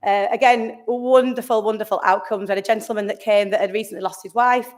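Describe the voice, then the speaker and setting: A woman presents to a conference room with an upbeat, enthusiastic delivery. She often restarts her sentences and stops to search for a word. Her pitch sits in an ordinary middle range for a woman. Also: steady tone, quick pace. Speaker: conference speaker.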